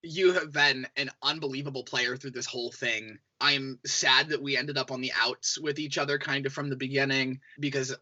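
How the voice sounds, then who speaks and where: A man's voice: medium pitch, steady tone, moderate pace, few pauses, pushed and bright. A man competing on an online game show, talking earnestly about the vote and his rivals. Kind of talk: confessional talk to camera. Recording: muffled, dull lo-fi audio.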